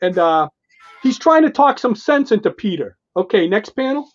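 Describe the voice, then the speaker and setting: A man co-hosting a podcast, casually and excitedly walking through comic book pages and acting out the characters' lines. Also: sits high, muffled recording. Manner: excited, retells panels and acts out the dialogue in quick bits. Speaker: podcast co-host.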